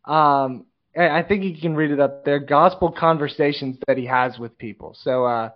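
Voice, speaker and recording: A man's voice: fairly high pitch, moderate pace, lo-fi sound. Chatty man hosting a coaches' show. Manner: conversational, loose questions with many "uh"s. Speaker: show host. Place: home room with a chart on the wall. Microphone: video call.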